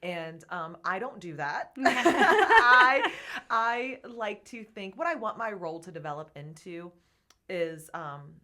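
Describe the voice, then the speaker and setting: A woman's voice: fairly low pitch, unhurried, sharp tone. A woman guest on a podcast, chatting candidly and laughing often as she talks about her work. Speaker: podcast guest, gym co-owner. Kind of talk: casual interview chat.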